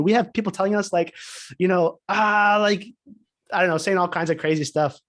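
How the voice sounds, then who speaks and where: A man's voice: high voice, fairly quick. A man on a podcast, telling a personal story in casual chat, full of "like" fillers. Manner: animated storytelling, many "like" fillers. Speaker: podcast co-host.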